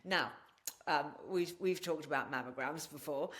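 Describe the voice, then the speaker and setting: A woman speaking as a podcast guest, with a voice sitting a little low for a woman. She tells her story with blunt, animated candor and swears without hesitation. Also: moderate pace. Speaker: podcast guest and wellness practitioner. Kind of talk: candid interview storytelling.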